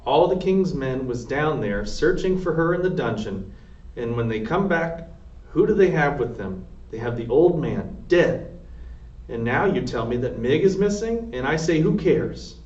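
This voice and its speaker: A man voicing a blunt, dismissive woman servant in a read-aloud storybook, talking loudly and scornfully. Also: fairly high pitch, sing-song, unhurried. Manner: loud, scornful, plain-spoken. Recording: roomy, distant, dull lo-fi sound.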